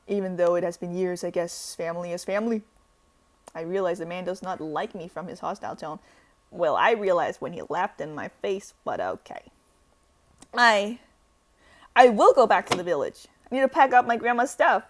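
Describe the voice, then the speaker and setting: A woman's voice: lowish voice, brisk. A woman reading a visual novel aloud, breaking in with dramatic outbursts and jokey asides. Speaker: gaming streamer.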